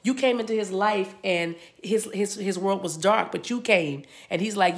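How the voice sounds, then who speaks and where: A woman's voice: medium pitch, moderate pace, creaky, few pauses. A woman giving a chatty spiritual reading to her viewers. She talks in a casual, playful way, laughs often and breaks into snatches of song. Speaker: tarot reader.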